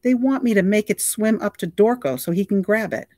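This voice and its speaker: A reader playing a relaxed, mischievous grown man, teasing in an easygoing drawl close to the narrator's own voice. Dry audiobook sound. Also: mid-range voice, fairly quick, no room sound, pitched above the performer's own voice, lightly acted. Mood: wry. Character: laid-back adult male snake wrangler and father, teasing. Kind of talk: audiobook character voice.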